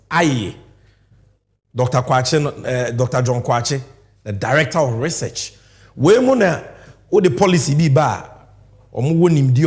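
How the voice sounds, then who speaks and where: Ghanaian male party speaker, punchy rally delivery, wide-ranging pitch, mixes English and Twi. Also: a little mellow. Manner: emphatic, repetitive, switching between English and Twi. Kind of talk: rally-style political speech.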